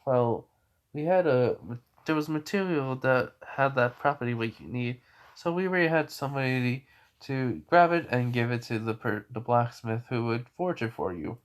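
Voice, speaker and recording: A man's voice: medium pitch, normal speed, lightly acted. A man voicing polite young female attendants in a formal, courteous way.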